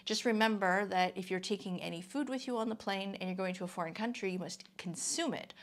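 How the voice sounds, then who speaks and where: A woman's voice: medium pitch, a little fast. A middle-aged woman from Canada chatting casually through a product review, full of ums and friendly asides. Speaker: vlogger.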